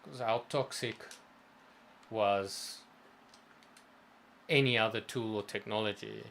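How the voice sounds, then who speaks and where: Stream co-host, male, lowish voice, thoughtful and rambling, faint noise behind. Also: takes it slowly, fairly bright tone. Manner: thoughtful, rambling, many restarts. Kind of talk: casual chat.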